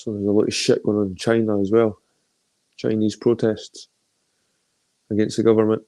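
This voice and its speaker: A man's voice: lowish voice, monotone, normal speed, dark tone, no echo. Scottish man rambling on a phone stream. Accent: Edinburgh Scottish. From Scotland. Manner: rambling and profane, greets viewers by name. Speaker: livestream host. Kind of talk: casual live-stream chat.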